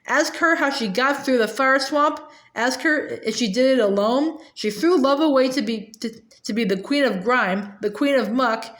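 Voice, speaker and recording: A scornful, ancient crone from a storybook hurls accusations, her rant building and building, as a woman reads her lines aloud. The voice sits fairly high and keeps the reader's own plain tone. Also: moderate pace, few pauses, echoey room, lightly acted. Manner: ranting, accusing.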